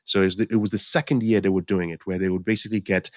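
A man's voice: low-pitched, flat delivery, fast, darkish tone, dry recording, studio quality. A man in his forties from Nigeria, an actor telling his life story in an interview, rambling with many restarts and acting out his own past thoughts. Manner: rambling with frequent restarts and self-corrections. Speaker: actor guest. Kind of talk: conversational storytelling.

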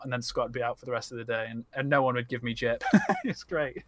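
A young man, a streamer guest on a casual podcast, telling stories in an animated way and swearing freely. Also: mid-range voice, brisk.

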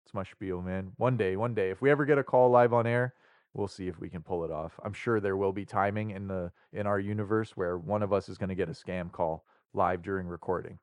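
A man's voice: low-pitched, steady tone, a little fast, darkish tone, no room sound. A man co-hosting a podcast, telling profane, joking stories in casual chat and laughing often. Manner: profane, joking storyteller who laughs a lot. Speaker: podcast co-host.

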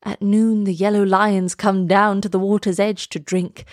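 Woman storyteller, fairy tale read-aloud, lilting expressive, dry close sound. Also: mid-range voice, moderate pace, dry recording.

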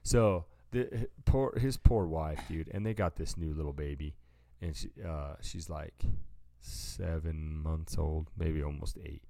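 A man's voice: rumbling low, steady tone, a little slow, creaky, hardly any pauses, mellow, dry recording, clean studio sound. A man co-hosting a podcast in casual chat, rambling through stories and acting out what people said. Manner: rambling storyteller, acts out quotes, says "dude". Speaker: podcast co-host.

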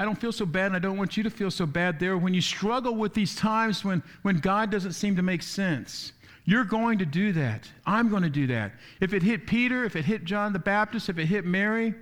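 Male pastor, high voice, lively preacher who acts out the voices he quotes; church sermon delivery.

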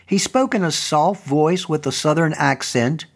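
Slightly high-voiced man telling a story. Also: expressive, unhurried, husky. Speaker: storytelling host and historical reenactor. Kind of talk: first-person story narration.

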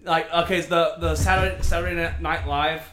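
Excitable, laughing man in an echoey room. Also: on the high side, brisk, slight background noise. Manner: excitable, laughs often, swears freely, rambling retellings. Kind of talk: casual chat.

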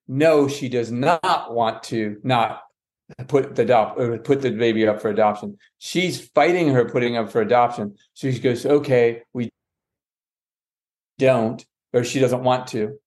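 A man appears as a guest on a podcast, an adoptive father telling a long personal story with lots of restarts and self-corrections. He's lively and acts out what others said, using "she goes" and "I said." His voice is mid-range at a moderate pace.

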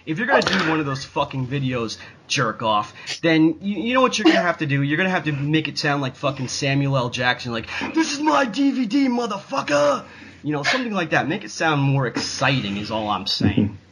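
A man's voice: mid-range voice, lively intonation, fairly quick, noisy background. A man co-hosting a comedy podcast, rambling through his stories with loads of swearing and fillers. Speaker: podcast co-host. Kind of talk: profane comedic podcast banter.

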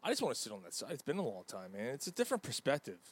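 A man's voice: medium pitch, racing, husky. A man hosting a casual sports talk show from a bar, joking around and swearing freely in loose banter. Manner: joking, profane, animated banter. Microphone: desk microphone.

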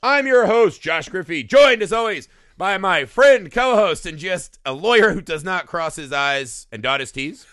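Bright, lively male podcast host with a voice that swoops up and down as he jokes around loudly. He sounds dry and close, with no room echo. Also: high voice, moderate pace, few pauses. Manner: exuberant, loud and joking, with swearing. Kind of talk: casual podcast banter.

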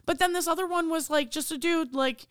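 A woman's voice: very high voice, brisk, a bit bright, no echo, studio quality. A woman talking casually as a guest about her merchandising job, swearing freely and telling stories with energy. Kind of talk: casual chat.

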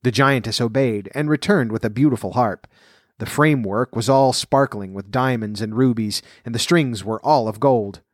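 Male storyteller, fairy tale, mid pitch, steady and measured, dry close sound. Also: dry recording.

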